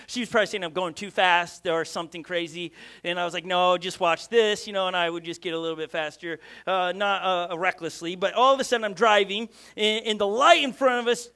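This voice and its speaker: A middle-aged man preaching a sermon as a pastor, an animated storyteller who keeps checking in with "okay?" and "right?". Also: sits high, smooth.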